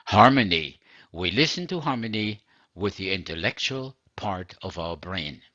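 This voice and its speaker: Husky, low-voiced man preaching earnestly. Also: big pitch swings, moderate pace, bright, forceful tone, no echo, highs cut off. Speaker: religious teacher. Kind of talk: scripted sermon narration.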